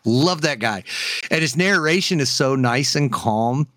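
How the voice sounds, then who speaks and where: Animated joking man on a podcast. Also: medium pitch, unhurried, dry recording, studio quality. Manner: laughs often, animated and joking. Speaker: podcast co-host. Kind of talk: casual chat.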